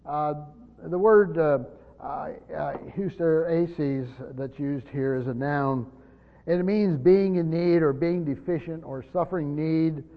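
This Bible teacher's voice sits on the high side, and he moves at a measured pace. He explains things conversationally, frequently starting his phrases over. The audio is dull and lo-fi, captured in a hall with lots of reverb.

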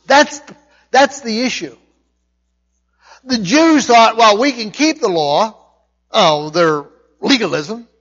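Man, pastor, high voice, emphatic sermon, dull lo-fi recording. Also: animated, slow pace, pauses often, a bit bright. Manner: conversational preaching, emphatic repetitions.

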